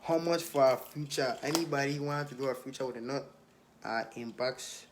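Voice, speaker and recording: A man's voice: mid-range voice, normal speed, background noise. A young man with a Virgin Islands accent, a rapper casually reading out and answering questions in a streetwise, laid-back way.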